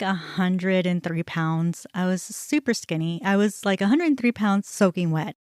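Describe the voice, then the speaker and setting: A woman's voice: medium pitch, smooth, dry recording, studio quality. A woman podcast host candidly retelling a personal workplace experience, acting out the other people's lines as she goes. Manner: candid, animated retelling with quoted dialogue. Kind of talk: personal storytelling.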